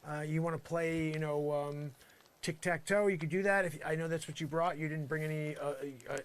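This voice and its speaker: A man's voice: a little high, a bit bright. Rambling, mock-earnest comic man. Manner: rambling, mock-earnest, many "you know" fillers. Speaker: comedy vlogger. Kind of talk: improvised comic monologue.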